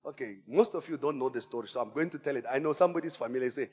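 A man preaching a sermon as pastor, an animated storyteller who swings from hushed asides to shouts and calls on the congregation. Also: medium pitch, very fast, slightly rough. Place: church auditorium. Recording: church hall reverb.

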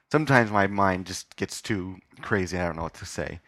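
A man's voice: low voice, moderate pace, a bit bright, dry recording. A man hosting his own podcast, talking in a rambling, self-mocking way with filler words, live on a stage. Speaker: podcast host. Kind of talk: casual live interview. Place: live stage before an audience.

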